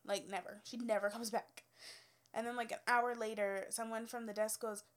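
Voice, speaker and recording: A young woman with a slightly high voice tells stories casually. She swears freely, laughs often and mimics the people she quotes. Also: level tone, normal speed. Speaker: hairstylist. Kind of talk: casual storytelling chat.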